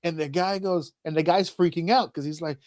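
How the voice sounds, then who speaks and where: A male podcast host speaks briskly in a fairly high voice, recorded at studio quality with no room sound. In casual chat he spins funny stories, animatedly performs voices and laughs often.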